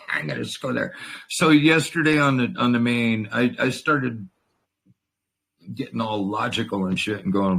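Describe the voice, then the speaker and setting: A man's voice: medium pitch, moderate pace, creaky, fairly bright tone, slightly rough. A man who is a veteran, talking in a rambling, profane and emotional way in a casual chat. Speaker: veteran in a conversation.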